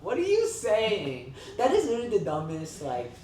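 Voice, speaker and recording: A podcast co-host in casual chat, animated and quick to laugh, with lots of "like" fillers. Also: mid-range voice, a little hiss or hum. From Vietnamese heritage. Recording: roomy, distant mic with faint ambience.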